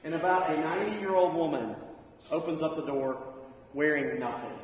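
A man's voice: a little high, normal speed, slight background noise. A man in his thirties giving a casual, anecdotal sermon in a church auditorium, acting out the voices of people in his stories. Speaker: preacher. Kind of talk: sermon with storytelling. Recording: echoey hall, far from mic.

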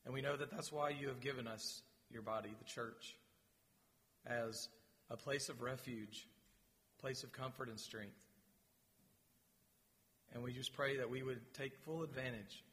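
Pastor praying in an echoey hall. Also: male voice, medium pitch, steady tone. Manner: gentle, pausing, with repeated words. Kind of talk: church announcements and spoken prayer. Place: church sanctuary. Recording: long reverb of a large hall.

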